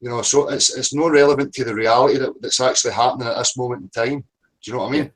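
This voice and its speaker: A man's voice: mid-range voice, rapid-fire, poor audio. A man in a casual group discussion on a call, talking earnestly with restarts and fillers. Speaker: participant in online group call.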